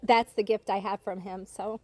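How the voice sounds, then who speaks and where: A middle-aged woman giving an earnest, reflective family tribute at a gathering, telling personal stories with many small pauses. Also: medium pitch, fairly even intonation. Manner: earnest, reflective storytelling with fillers.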